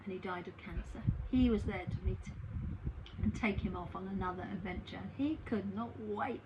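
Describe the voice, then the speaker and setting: A woman's voice: medium pitch, normal speed, dull audio. Chatty woman telling a story. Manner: chatty, acts out dialogue in her stories. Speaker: medium and healer. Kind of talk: conversational storytelling monologue. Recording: noisy recording with a background hum.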